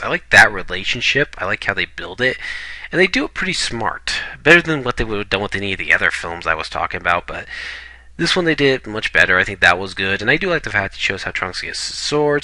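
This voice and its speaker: A man's voice: fairly low pitch, sing-song, fairly quick, bright, forceful tone, dry recording, poor audio. A man giving a blunt, opinionated ranking review in casual talk, swearing now and then. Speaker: video reviewer.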